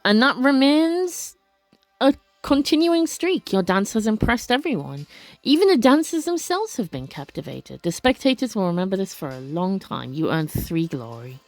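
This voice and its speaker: Animated woman playing a game aloud. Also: lowish voice, moderate pace, dry recording, soft background music. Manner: expressive, gasping reactions, chatty asides. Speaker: let's play creator. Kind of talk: casual game commentary and reading game text aloud.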